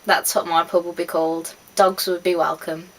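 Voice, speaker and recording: A woman's voice: lowish voice, flat delivery, moderate pace, poor audio. A woman, chatting casually to camera with easy laughs and trailing asides. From West Midlands, England. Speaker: vlogger.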